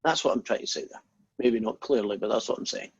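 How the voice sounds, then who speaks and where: A man's voice: lowish voice, quick pace, a little mellow. A male lecturer talking informally to his class over a video call, rambling and joking between explanations. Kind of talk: online lecture with jokes and Q&A. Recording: husky voice, dull lo-fi audio.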